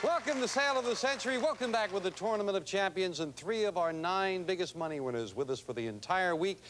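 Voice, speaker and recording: A chatty man hosts a studio game show. His fairly high voice swings up and down as he jokes with the players. Light hiss sits under the sound. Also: expressive, quick pace, fairly bright tone. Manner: upbeat, chatty emcee. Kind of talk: lively studio banter. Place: TV studio with audience.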